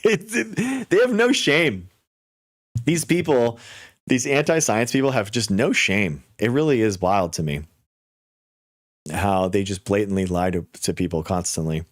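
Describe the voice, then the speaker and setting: A man hosting a casual livestream, talking to viewers with quick restarts and mocking asides. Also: on the low side, lively intonation, dry recording, clean studio sound. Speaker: livestream host.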